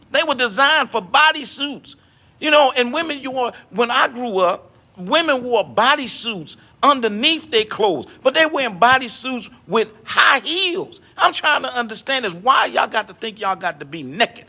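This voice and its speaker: High-voiced man lecturing with rhetorical questions. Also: bright, forceful tone. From Newark, New Jersey. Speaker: vlogger. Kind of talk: preachy monologue to camera.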